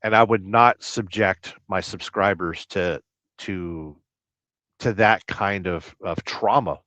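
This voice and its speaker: A man hosting a livestream, chatting casually and reading viewer comments with rambling, deadpan jokes. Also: sits low, unhurried, no echo. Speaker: livestream host. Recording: dull lo-fi dry sound.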